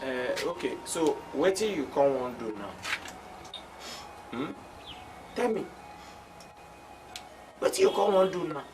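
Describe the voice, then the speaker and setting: A man's voice: medium pitch, expressive, a little slow, long pauses, distant mic, background noise, natural voice. An actor playing a teasing co-worker who coaxes his friend, speaking with a Nigerian Pidgin accent.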